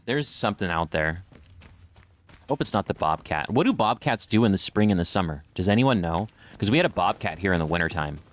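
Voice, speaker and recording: A man's voice: low-pitched, expressive, fairly quick. A man streaming a video game in casual commentary, chatting and reading in-game notes aloud into a desk microphone. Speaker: gaming streamer. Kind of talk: casual let's-play commentary. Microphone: desk microphone at a computer.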